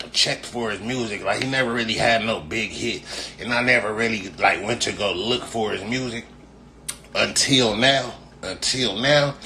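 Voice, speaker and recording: A man's voice: medium pitch, sharp tone, slight background noise. A man from California talking casually to viewers, rambling and profane, full of slang and repeated phrases. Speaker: streamer. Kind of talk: casual rambling live talk.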